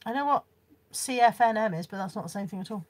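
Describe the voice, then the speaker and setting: Chatty husky woman vlogger. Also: mid-range voice, expressive, fast. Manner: chatty, reads viewer comments aloud, laughs often. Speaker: vlogger showing a car boot haul. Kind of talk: casual live-stream chat.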